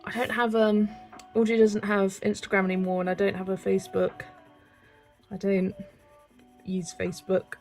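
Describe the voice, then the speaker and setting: A woman's voice: medium pitch, flat delivery, moderate pace, pauses often, a little mellow, faint music behind. A woman hosting a colouring livestream, chatting casually and thinking aloud as she picks colours. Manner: chatty, thinking aloud, reads chat messages. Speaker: livestream host. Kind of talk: casual chat while colouring.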